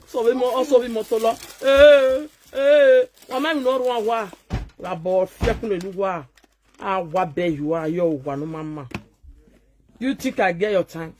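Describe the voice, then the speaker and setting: Mocking Nigerian Pidgin woman ranting at viewers. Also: mid-range voice. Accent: Nigerian Pidgin English. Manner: mocking, scolding, chanting. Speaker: social media vlogger. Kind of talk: taunting rant to viewers.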